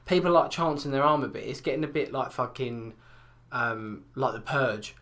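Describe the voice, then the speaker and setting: A man's voice: mid-range voice, normal speed, a bit bright. A man, ranting and swearing in casual chat, often acting out other people's voices. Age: 20s.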